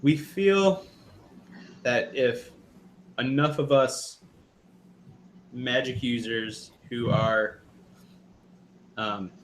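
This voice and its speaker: A man voicing an earnest male rebel magic-user leader who speaks haltingly. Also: medium pitch, a little hiss or hum, rough recording.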